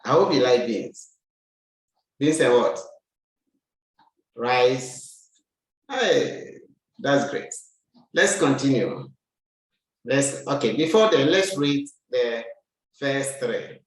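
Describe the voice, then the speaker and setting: A man leads a French lesson at a very slow, deliberate pace, saying each word again and again for learners to repeat. His voice sits in a middle register. The recording is heavily echoey, as if made in a bare, reverberant room. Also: medium pitch, animated. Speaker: French teacher. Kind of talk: language lesson, drilling pronunciation.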